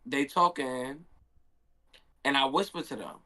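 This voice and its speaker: A man's voice: mid-range voice, unhurried, pushed and bright. A young man, a handball player, telling a story in a casual stream Q&A and acting out his own quotes.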